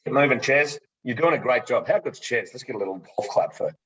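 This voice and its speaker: Aussie guy hyping gins, husky lowish voice, muffled audio, keeps tripping over his words. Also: fast. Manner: energetic, repeats words, lots of restarts. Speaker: distillery co-founder presenting a tasting. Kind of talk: enthusiastic casual presenting. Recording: muffled, slightly lo-fi sound.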